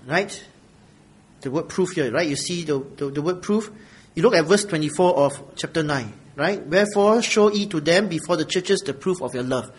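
A male pastor, preaching a sermon in an animated way and acting out the people he describes. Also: on the high side, moderate pace, breathy edge, rough recording. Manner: animated, acts out grudging givers in a whiny voice, then drops quiet.

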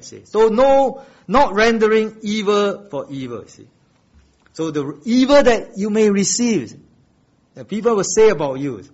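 A man preaches with a fairly high voice, rising to loud emphatic peaks and dropping low to drive a point home. He repeats key phrases and poses questions to his listeners. The recording sounds dull and lo-fi. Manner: emphatic preaching with wide swings in pitch and loudness. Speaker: pastor. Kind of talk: sermon.

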